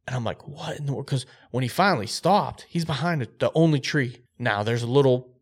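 A man co-hosting a podcast, telling a hunting story in an animated, excitable way. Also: medium pitch, a little fast. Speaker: podcast co-host.

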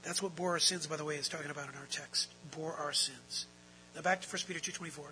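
A man preaching a sermon, emphatic, moving between quiet explanation and loud, drawn-out stresses. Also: on the high side, fairly even intonation, slight background noise, poor audio. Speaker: pastor.

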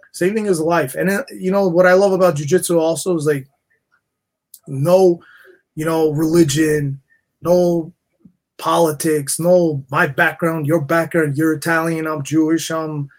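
Husky-voiced man talking in rambling bursts. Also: fairly high pitch. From New York. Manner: rambling, restarts often with "you know". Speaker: guest, jeweler and jiu-jitsu black belt. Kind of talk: casual podcast interview.

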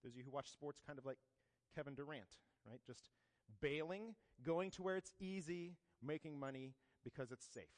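Man, casual storytelling talk, joking asides, slightly high voice, long hall echo. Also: moderate pace. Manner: conversational, frequent "right?" asides and joking comparisons. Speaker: speaker teaching about a saint.

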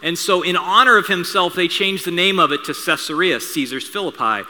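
Brief: male pastor, forceful bright tone, slightly high voice, chatty storytelling sermon. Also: a little fast. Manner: conversational storytelling with asides and humor. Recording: reverberant hall sound.

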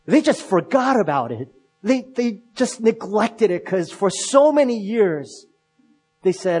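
A male pastor preaching a sermon, retelling stories and acting out the quotes with shifts from loud to hushed. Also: high voice, sing-song, measured pace, breathy edge, low-quality recording.

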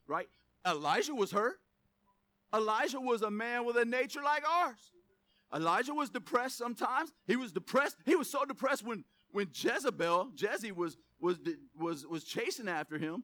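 Male pastor, high bright voice, animated sermon delivery, casual joking asides. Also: normal speed, dry recording.

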